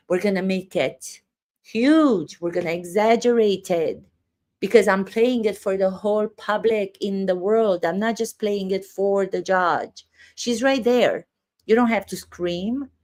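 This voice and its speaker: Emphatic woman acting coach. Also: mid-range voice. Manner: emphatic, stresses words for effect. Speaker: acting teacher and commentator. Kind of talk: commentary on court footage.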